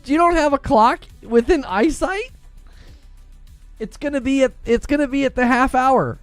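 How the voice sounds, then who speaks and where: A man's voice: extremely high pitch, normal speed, no echo, faint music behind. A man hosting a gaming livestream in a casual, chatty way, laughing often and talking to his viewers. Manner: laughs often, talks to chat.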